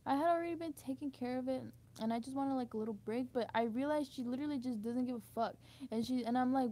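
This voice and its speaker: A woman's voice: high-pitched, quick pace, hardly any pauses, mellow. A young woman in an emotional venting monologue, frustrated and blunt, swearing freely and restarting her sentences as she rambles. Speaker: vlogger.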